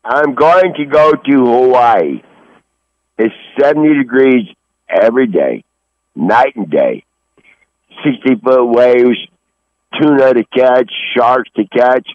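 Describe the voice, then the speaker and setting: A man's voice: mid-range voice, lively intonation, takes it slowly, long pauses, dry recording. A man on a phone call who rambles angrily, swears constantly and sniffles from the cold outdoors. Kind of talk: profane phone rant. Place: outdoors behind a grocery store in snow.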